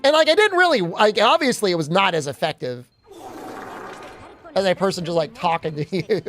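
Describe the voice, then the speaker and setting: Male streamer, young adult, high and very lively voice, chatty storyteller, faint music behind. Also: normal speed. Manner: chatty, animated storytelling with laughs. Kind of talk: casual chat while gaming.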